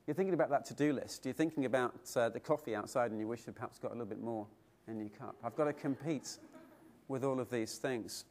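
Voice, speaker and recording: A middle-aged man delivering a keynote speech at a conference. He tells stories with lively swings in his voice and keeps putting rhetorical questions to the room. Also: mid-range voice, fast talker. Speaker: keynote speaker. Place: conference hall.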